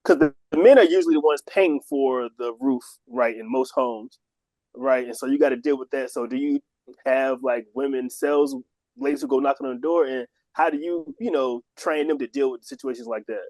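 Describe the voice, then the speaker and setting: A podcast co-host chatting casually and putting in quick jokes. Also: mid-range voice, darkish tone, no room sound, poor audio. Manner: quick joking interjections, frequent laughter.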